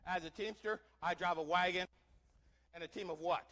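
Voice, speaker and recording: A man's voice: sits high, fairly even intonation, normal speed, fairly bright tone. A man doing a first-person historical reenactment for a live audience, playing a wagon teamster and quizzing listeners with questions in a theatrical way. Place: church hall, before an audience.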